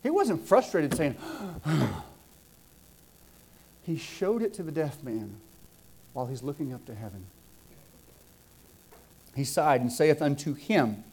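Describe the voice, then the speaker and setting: A middle-aged man from Southwest Georgia preaching a sermon, building phrases up with emphasis and then dropping into soft asides. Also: on the high side, breathy edge.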